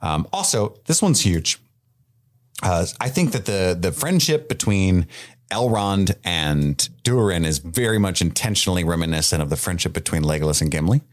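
A man's voice: sits low, moderate pace. A man co-hosting a podcast, chatting casually about a fantasy series and joking around. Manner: animated, jokey, puts on silly voices for characters. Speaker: podcast co-host. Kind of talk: casual chat.

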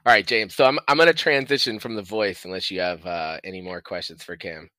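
A man's voice: lowish voice, a little fast, pushed and bright, no room sound. A man hosting a casual interview, asking questions with many hesitations and friendly laughs. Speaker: podcast host.

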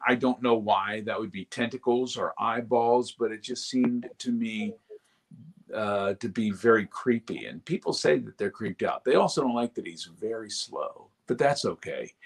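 A male voice actor talking animatedly in an interview, slipping into character voices as he goes. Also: lowish voice. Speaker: voice actor, guest. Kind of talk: casual interview talk.

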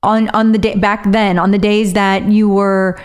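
A woman's voice: medium pitch, little pitch movement, a little slow, smooth. A woman speaking sincerely and encouragingly as a podcast guest. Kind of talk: heartfelt casual conversation.

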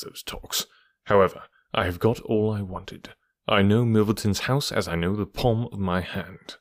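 A man reading the part of a calm, cool-headed middle-aged detective in an audiobook, speaking in a measured, dryly assured, hushed way. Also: fairly low pitch, no echo, studio quality, natural voice. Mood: dry, amused.

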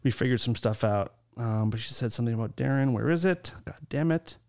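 A man's voice: medium pitch, a little fast, a little mellow. A man hosting a podcast in casual banter, joking and crude with his guests. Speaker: podcast host.

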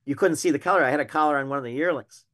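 A man's voice: fairly high pitch, very fast. An older man, a retired wildlife biologist telling stories emphatically as a podcast guest. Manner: animated anecdotal storyteller, emphatic. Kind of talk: storytelling in a podcast interview.

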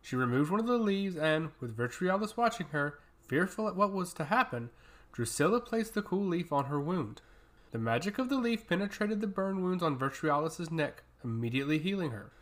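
A man narrating a fantasy story with a steady, dramatic reading. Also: sits high, normal speed.

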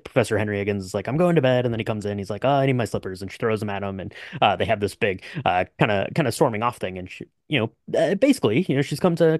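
A man's voice: on the low side, no room sound, clean studio sound. A young adult man co-hosting a podcast, talking casually about a movie with lots of fillers and restarts. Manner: rambling, many fillers and restarts. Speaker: podcast co-host.

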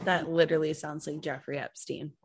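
A woman's voice: low-pitched, little pitch movement, brisk, creaky, slightly rough. Laughing young woman in casual chat. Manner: laughs a lot, swears casually. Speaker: podcast co-host.

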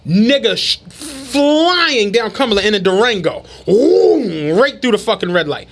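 Man, casual podcast chat, animated storyteller, heavy slang. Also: extremely high pitch, a little slow, a little hiss or hum. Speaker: podcast co-host.

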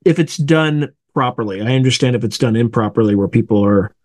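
A man's voice: mid-range voice, brisk, a little mellow, no echo. A man hosting an interview, asking thoughtful, carefully worded questions. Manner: thoughtful, searching for words while asking. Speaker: interview host.

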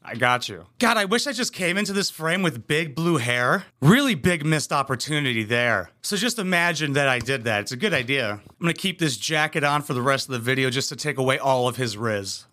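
A man's voice: mid-range voice, expressive, a little fast, few pauses, sharp tone. A young man hosting a reaction commentary, crude, sarcastic and mocking as he talks over clips. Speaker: commentary host.

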